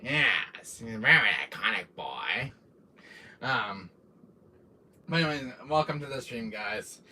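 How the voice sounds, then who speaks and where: Bright, lively young male streamer. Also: mid-range voice, measured pace, a little hiss or hum. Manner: rambling, many fillers and restarts, laughs often. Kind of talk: casual live-stream chat.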